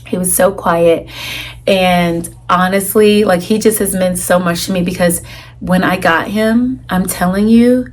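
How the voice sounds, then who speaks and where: A woman's voice: on the low side, measured pace. Chatty young woman telling a story. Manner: chatty, animated retelling with lots of "like" and quoted dialogue. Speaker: vlogger. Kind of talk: casual storytelling to camera.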